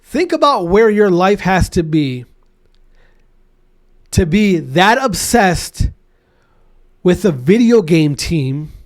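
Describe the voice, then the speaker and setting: Man ranting on his podcast, higher voice. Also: slow pace, long pauses. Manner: animated, repetitive ranting with many restarts. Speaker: podcast host. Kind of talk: solo podcast rant.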